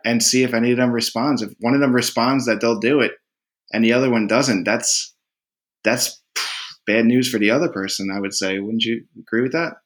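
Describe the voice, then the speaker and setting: A man's voice: medium pitch, steady tone, brisk. A man co-hosting a podcast in casual chat, joking, laughing often and swearing casually. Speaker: podcast co-host.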